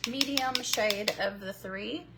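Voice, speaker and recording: A woman's voice: medium pitch, slow pace, very noisy. A woman running a live-streamed makeup tutorial from her home, talking in a chatty conversational way with frequent fillers. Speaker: makeup instructor. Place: home with construction going on.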